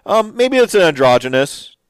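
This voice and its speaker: A man's voice: fairly high pitch, very animated, normal speed, clean tone, dry recording. A man hosting a casual commentary show, talking enthusiastically and rambling through restarts and fillers. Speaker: host reacting to miniature reveals.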